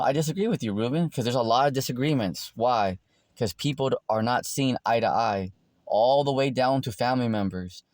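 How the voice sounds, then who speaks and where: Male preacher, streetwise and crude, mid-pitched, close dry sound. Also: darkish tone, no echo. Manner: loose and profane, acts out voices of others, many fillers. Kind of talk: casual street-style Bible teaching.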